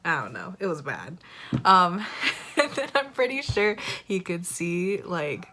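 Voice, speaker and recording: A woman's voice: on the low side, sing-song, measured pace, sharp tone, slight background noise. A young woman sharing a personal faith testimony in a candid, rambling way, with frequent fillers and self-conscious laughter. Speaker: church member sharing a devotional.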